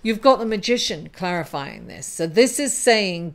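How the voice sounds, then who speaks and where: A woman's voice: on the low side, very animated, moderate pace, gravelly, few pauses. A middle-aged woman giving an upbeat, encouraging tarot reading, affectionately calling the listener darling. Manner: effusive, calls listener darling. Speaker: tarot reader.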